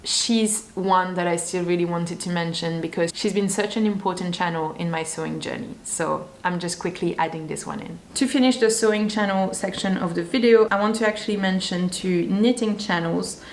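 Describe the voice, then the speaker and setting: A woman's voice: fairly low pitch, normal speed, hardly any pauses, a little hiss or hum. A woman with a French accent, a sewing YouTuber chatting casually and enthusiastically to camera with rambling asides. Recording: roomy echo.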